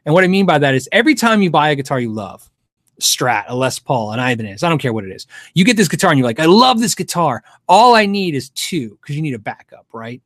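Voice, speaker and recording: A man's voice: medium pitch, sing-song, fast, a bit bright, no room sound, clean studio sound. A middle-aged man hosting a casual livestream Q&A, rambling and thinking aloud with frequent restarts and chuckles. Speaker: guitar show host answering viewer questions.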